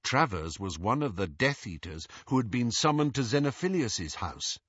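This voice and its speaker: Male audiobook narrator, animated, bright and forceful, dry and slightly muffled sound. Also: mid-range voice, normal speed, slightly rough, dry recording. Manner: expressive, animated reading. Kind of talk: scripted narration.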